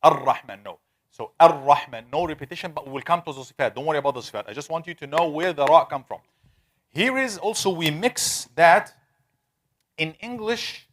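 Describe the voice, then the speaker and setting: Man, teacher, fairly high voice, drawn-out repeated sounds, questions the class. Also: lively intonation, fairly bright tone. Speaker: tajweed teacher. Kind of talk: interactive classroom lesson.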